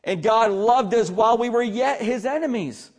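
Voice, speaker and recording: A man preaching an earnest sermon as pastor, with emphatic stress and quiet asides. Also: very high-pitched, moderate pace.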